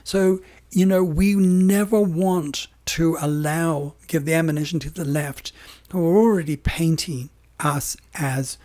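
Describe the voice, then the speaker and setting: Hoarse man with a mellow voice. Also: on the high side, steady tone, a little slow. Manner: emphatic, rambling with many restarts. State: hoarse, losing his voice. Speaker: guest. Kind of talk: casual interview talk.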